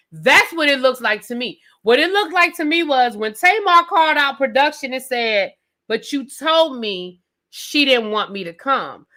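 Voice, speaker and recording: A woman hosting a live review stream, ranting casually and calling out to her viewers with sassy asides and repeated questions. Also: a little high. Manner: sassy, talks straight to chat with "y'all" and "baby"; animated, repeats questions for emphasis.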